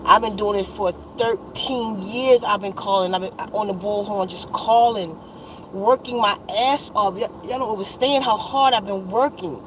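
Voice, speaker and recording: A woman's voice: mid-range voice, moderate pace, background noise. A woman in her fifties venting to her viewers, tired and exasperated, blunt and profane, often repeating herself. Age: 50s. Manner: weary and exasperated. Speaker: wellness vlogger.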